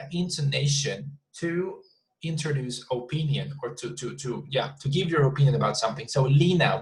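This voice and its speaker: Recorded in low quality, a man with a somewhat high voice teaches English online. He patiently repeats vocabulary and slowly demonstrates sample sentences.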